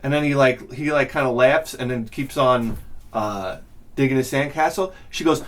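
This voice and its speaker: A man's voice: medium pitch, normal speed. A middle-aged man, telling a profane, exasperated story as a vlog host. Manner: profane, exasperated, animated ranting. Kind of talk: ranting comedic storytelling.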